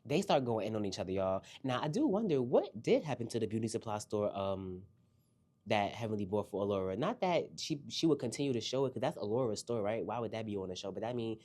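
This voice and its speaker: Fast-talking chatty recap host. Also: male voice, fairly low pitch. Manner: animated, slangy, talks straight to viewers.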